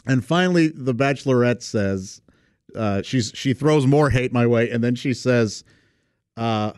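A man's voice: medium pitch, unhurried, a little mellow, smooth, dry recording, clean studio sound. A middle-aged man, a comedian guest, telling a story casually with lots of fillers. He breaks into laughter often. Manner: rambling, many fillers, laughs while telling.

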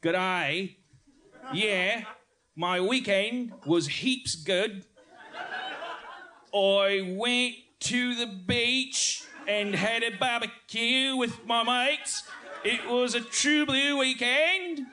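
A man's voice: very high voice, sharp tone, a little hiss or hum, pitched above the performer's own voice, exaggerated voice. A man voicing an over-the-top Australian bloke full of slang, drawing out his words through laughter. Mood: cheerful, hammy. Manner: drawn-out, laughing exaggerated accent.

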